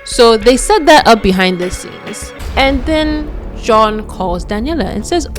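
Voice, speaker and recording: A woman's voice: animated, measured pace, hardly any pauses, over music. Chatty woman telling a story. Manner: chatty, acts out quoted lines in a lower voice. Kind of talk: casual story narration.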